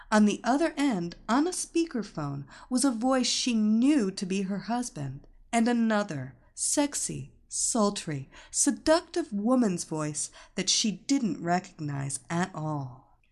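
A woman narrates an audiobook at an unhurried pace. Her intonation rises and falls expressively throughout. It is steady, deliberate storytelling. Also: mid-range voice.

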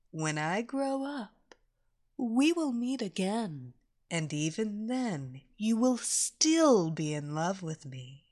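A woman reads a young hypnotist who speaks in slow, soft commands. Her pitch rises and falls widely as she lingers over each word. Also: full character voice. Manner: slow, commanding, half-whispered.

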